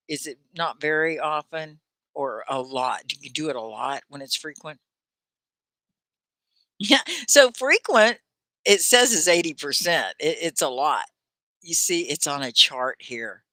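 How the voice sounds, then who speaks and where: Lively woman teaching English live. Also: low voice, no room sound. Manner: animated, greets viewers by name, asks many questions. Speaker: ESL teacher hosting a live stream. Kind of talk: live online English lesson.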